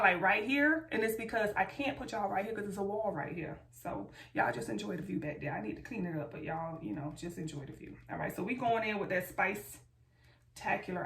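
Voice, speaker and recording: Filmed across a room at home, this beauty vlogger speaks at a medium pitch in a gravelly, fairly bright voice. She's chatty and playful in a casual get-ready-with-me chat, repeatedly calling her audience "y'all." A far camera mic picks her up, so the audio sounds roomy and distant, with faint background noise.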